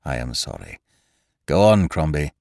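A man voicing a gaunt, irritable gentleman who speaks curtly and snaps at others. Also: a bass voice, big pitch swings, unhurried, gravelly, no echo, clean studio sound, exaggerated voice. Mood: contrite. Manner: curt and fierce, then contrite.

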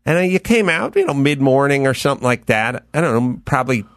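A man's voice: mid-range voice, very animated, fast, fairly bright tone, no room sound. A middle-aged man hosting a podcast, telling a rambling, self-deprecating story on a close studio mic. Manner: rambling, self-deprecating, quotes his own thoughts. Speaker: podcast host. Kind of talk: casual storytelling chat.

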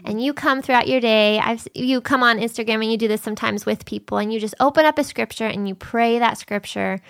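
Woman podcast host, smooth clear highish voice, animated and laughs a lot. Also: brisk, dry recording, studio quality. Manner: warm, animated, laughs often. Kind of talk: conversational interview.

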